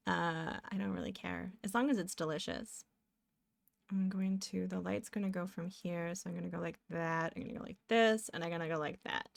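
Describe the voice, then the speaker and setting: A woman's voice: lowish voice, steady tone, moderate pace, gravelly. A woman from Canada, chatting casually with viewers while drawing, giggly and talking to herself as she works. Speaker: streamer.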